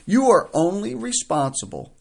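A man talking through examples in a casual advice chat, excitable and emphatic, often acting out lines people might say. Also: sits high, moderate pace, vocal fry. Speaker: co-host on family recovery.

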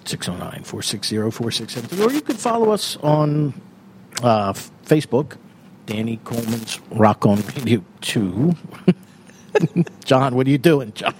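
In casual studio radio chat, a male host keeps things jokey, laughing frequently between announcements with lively announcer delivery. His voice is mid-range at a moderate pace, with slight background noise.

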